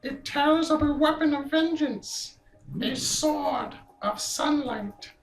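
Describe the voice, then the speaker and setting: Old seer woman, played by a woman, solemn and portentous, slow high delivery, roomy sound. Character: old female fortune-teller reading cards, solemn.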